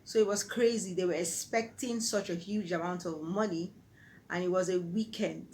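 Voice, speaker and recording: Nigerian lady vlogging a personal story, earnest, lowish voice. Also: darkish tone, slight background noise, poor audio. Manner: earnest, vivid retelling.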